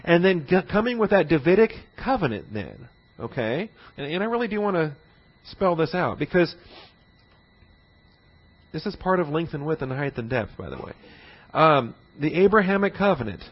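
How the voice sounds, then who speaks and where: A man teaches a Bible class in a relaxed lecturing voice, pitched a little high. He keeps checking in with his listeners as he goes. The recording sounds dull and lo-fi, as if from an old classroom tape. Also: moderate pace, breathy edge. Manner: conversational, checks in often with "all right?" and "see?".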